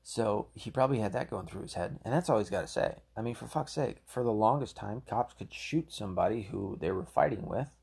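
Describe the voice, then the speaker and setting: A low-voiced man rants through his commentary, heated and rambling, cursing freely. His voice is gravelly and husky. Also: expressive, a little fast, few pauses, a little mellow. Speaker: political commentator. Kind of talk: ranting solo commentary.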